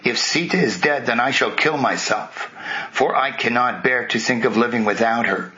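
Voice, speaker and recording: Man doing a despairing young prince, raised plaintive pitch, bright tone, muffled lo-fi sound. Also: animated, measured pace, exaggerated voice. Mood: despairing lament. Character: grief-stricken young prince, frantic and despairing. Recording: muffled lo-fi recording, faint hiss.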